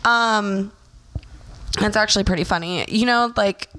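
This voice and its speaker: A young woman ranting casually to camera, blunt and profane, packing her story with fillers and lively storytelling. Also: mid-range voice, measured pace. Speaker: vlogger.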